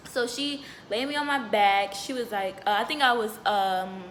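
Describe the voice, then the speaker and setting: A woman's voice: a little high, normal speed, fairly bright tone, a little hiss or hum. A young woman telling a personal story to her viewers in a candid, chatty way, full of fillers. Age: young adult. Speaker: vlogger. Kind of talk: casual storytelling to camera.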